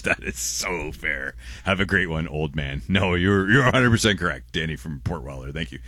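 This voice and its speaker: A young man, hosting call-in talk radio, quick and loose as he reads listener texts aloud. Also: extremely low pitch, expressive, pushed and bright, dry recording. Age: young adult. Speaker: radio host. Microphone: close studio microphone.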